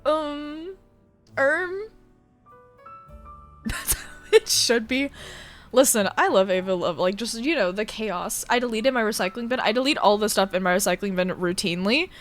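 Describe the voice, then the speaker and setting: A woman's voice: on the high side, animated, a little slow, long pauses, soft background music. A woman streamer chatting casually with viewers in a rambling, giggly way. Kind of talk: casual chat.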